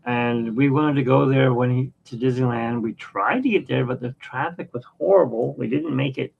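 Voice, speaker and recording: A man in his fifties talks in a gravelly, creaky voice, drifting from story to story with many ums and restarts. His pitch sits in the middle range. The sound is dull and lo-fi. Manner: rambling, anecdotal, halting with fillers. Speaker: podcast host. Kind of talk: casual rambling chat.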